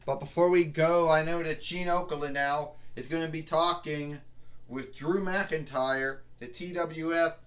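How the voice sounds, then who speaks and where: A man improvising play-by-play commentary for a homemade toy wrestling show. He rambles and restarts his sentences, speaking slowly in a slightly high voice. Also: fairly even intonation, fairly bright tone. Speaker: play-by-play narrator.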